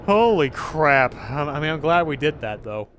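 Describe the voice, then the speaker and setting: A man streaming a video game live, talking to his chat in an excitable way and swearing often. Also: fairly high pitch, fairly quick, a little hiss or hum. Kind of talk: live-streamed gameplay commentary.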